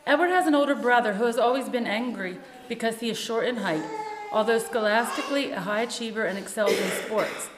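A woman's voice: a little high, brisk, natural voice. A woman reading a solemn priest. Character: grateful male priest, solemn. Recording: echoey room with long reverb.

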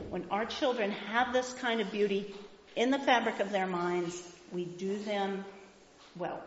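A woman's voice: mid-range voice, lo-fi sound, a little hiss or hum. Emphatic middle-aged woman in an echoey hall. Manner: enthusiastic, emphatic, reads passages aloud. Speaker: speaker. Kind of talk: talk to a live audience. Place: hall with an audience.

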